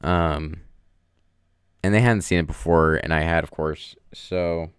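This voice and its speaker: A man's voice: low voice, fairly even intonation, measured pace, clear, resonant tone, no room sound, clean studio sound. A man chatting casually on a live stream from home, rambling and filling his talk with "um" and "like". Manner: rambling, full of "um" and "like".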